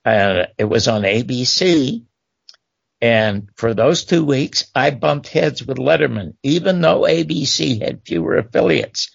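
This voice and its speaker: An older man, a former talk show host, tells animated stories about his career in an interview and acts out the voices of the people he quotes. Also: medium pitch, a little slow, gravelly, breathy edge, no echo, highs cut off. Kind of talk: storytelling interview.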